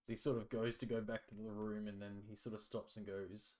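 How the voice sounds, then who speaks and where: A man's voice: fairly low pitch, little pitch movement, brisk, darkish tone. A man narrating a tabletop game as game master, talking loosely with many fillers. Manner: hesitant, loose, lots of fillers.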